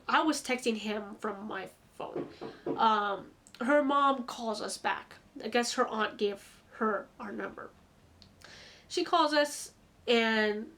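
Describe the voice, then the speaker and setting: A young woman telling a personal story to the camera at home, chatty, with restarts and asides. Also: sits high. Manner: chatty, restarts often, quick asides to the viewer. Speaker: vlogger. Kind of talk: casual storytime. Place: room in her home.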